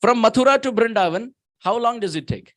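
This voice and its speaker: A man preaches at a temple in a high, ringing voice. He tells stories with emphasis and slows right down to chant verses. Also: expressive, fairly bright tone. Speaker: guest speaker at temple. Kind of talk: sermon.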